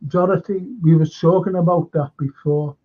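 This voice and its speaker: A rambling, chatty man hosts a casual fan show, reading out viewer comments as he goes. His voice sits a little high and comes across husky. The sound is thin and tinny, like a phone line. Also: steady tone, normal speed. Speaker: host.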